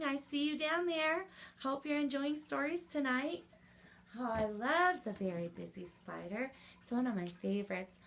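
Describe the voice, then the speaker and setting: A woman reading a children's bedtime story aloud as a library storyteller, gentle and coaxing, talking straight to the young viewers. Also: a little high, a little hiss or hum.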